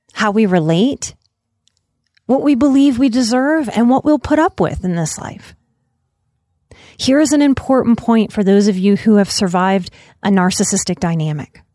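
A woman's voice: medium pitch, a little mellow, no room sound, clean studio sound. A woman hosting her podcast as a life coach and psychotherapist, speaking in an earnest, reflective monologue.

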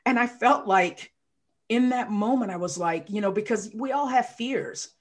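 Emotional, animated woman telling her story. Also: fairly high pitch, moderate pace. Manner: emotional, animated storyteller who acts out quotes. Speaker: guest, life coach. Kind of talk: casual podcast interview.

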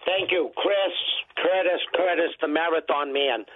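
Boston guy calling in on the phone, worked up, thin tinny line, pretty high voice. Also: unhurried. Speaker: caller. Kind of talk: call-in radio talk.

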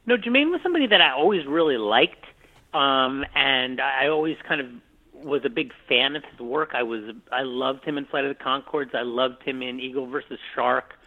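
A man speaks over a tinny phone line, sounding narrow and lo-fi. He is a film director answering interview questions, relaxed and rambling, often restarting his sentences. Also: mid-range voice, normal speed. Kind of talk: conversational interview.

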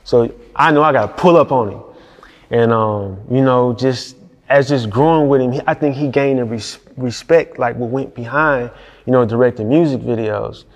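A man's voice: mid-range voice, moderate pace, in a large hall. A man from Detroit, a music video director telling stories in a casual interview, laid-back and slangy. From Detroit, USA. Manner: laid-back, slangy, lots of fillers and laughs.

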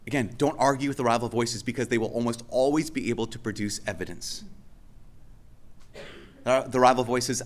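A man's voice: medium pitch, a little fast, pauses often. A male pastor preaching a sermon in a conversational way, often restarting and repeating phrases for emphasis.

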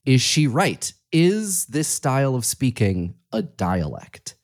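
A man's voice: mid-range voice, big pitch swings, slow pace. A man hosting a podcast interview, reflective and conversational. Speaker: podcast host.

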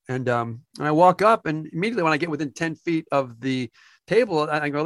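A man's voice: a little high, quick pace, no room sound, clean studio sound. A man in his fifties from New Jersey, a music industry insider telling a casual anecdote and acting out the quotes. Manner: animated storyteller acting out quotes.

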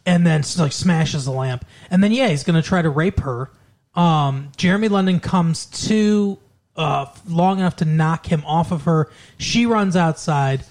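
A man's voice: fairly high pitch, unhurried, a little mellow. A man co-hosting a casual chat, rambling through a movie plot and loosely acting out the characters' lines. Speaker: podcast co-host.

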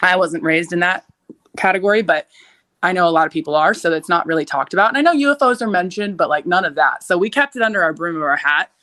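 A young adult woman, a podcast guest, telling a frightening story in a casual, animated way, with frequent "like" fillers and loud shouted quotes. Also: on the low side, quick pace. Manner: uses many fillers like "like".

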